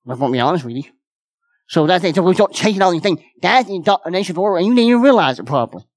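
High-voiced preacher man. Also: expressive, racing, no room sound. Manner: folksy, repeats phrases, many restarts. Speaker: pastor. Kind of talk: sermon.

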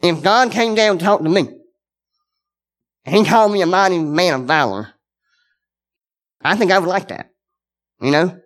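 A man's voice: sits high, lively intonation, moderate pace, pauses often, fairly bright tone. A man preaching a sermon, earnest and conversational, speaking directly to his congregation and repeating key words for emphasis.

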